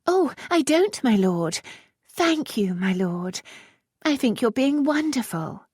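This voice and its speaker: Narrator putting on a flighty young lady, high and breathy, pleading, swoops about a lot, dry close sound. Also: very animated, slow, a little mellow, no echo, full character voice. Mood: pleading, nervous. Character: flighty young noblewoman feigning silly French girl.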